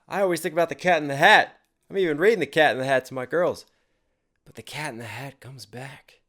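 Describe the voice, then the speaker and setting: A man's voice: a little high, brisk, fairly bright tone. A man reacting to a rap video, enthusiastically analyzing the lyrics with casual swearing. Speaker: rapper reacting to music videos.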